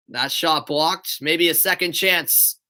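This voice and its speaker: Young guy doing live soccer play-by-play, bit high-pitched, bright voice, sleepy and chatty. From United States. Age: young adult. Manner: chatty, reads live chat aloud between calls. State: tired. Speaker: play-by-play commentator. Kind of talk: live amateur football commentary with chat.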